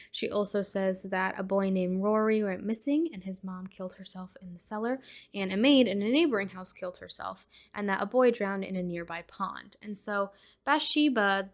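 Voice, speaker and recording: A woman hosting a podcast, casually retelling a horror movie's plot in a chatty way with frequent fillers. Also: mid-range voice. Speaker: podcast host.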